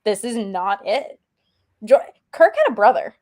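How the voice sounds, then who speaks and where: A woman's voice: medium pitch, big pitch swings, unhurried, darkish tone. A woman guest on a film podcast, gushing emotionally about a movie and swearing casually. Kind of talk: casual film review chat.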